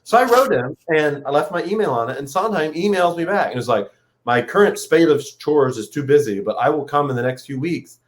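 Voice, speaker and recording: Lively man spinning a backstage anecdote. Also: fairly high pitch, fairly quick. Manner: lively anecdote-telling, acting out dialogue. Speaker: guest performer. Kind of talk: casual chat.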